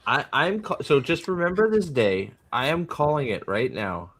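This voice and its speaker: A man co-hosting a casual show review, excitable and profane, who jumps into quick put-on voices to act out scenes. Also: fairly high pitch, slightly rough. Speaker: podcast co-host.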